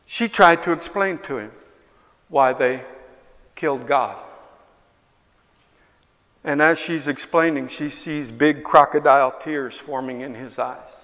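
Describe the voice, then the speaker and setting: An older man preaching a sermon, telling a story with passion and building to near-shouts. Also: mid-range voice, slow, long pauses. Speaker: pastor. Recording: echoey hall, dull lo-fi sound.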